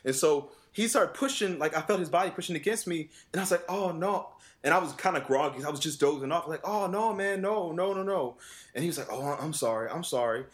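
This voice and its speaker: Animated man telling a story. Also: on the high side, fast, hardly any pauses. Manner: animated, acts out quoted dialogue with voice shifts; frequent laughter and casual swearing. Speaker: vocal coach. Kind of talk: casual storytelling chat.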